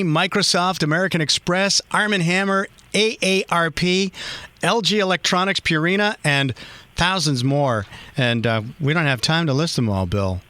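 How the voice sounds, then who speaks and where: A man's voice: a little high, bright, forceful tone, no room sound. A man hosting a podcast, chatting casually in a rambling, self-mocking way and laughing often. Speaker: podcast host. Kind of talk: casual podcast monologue and interview.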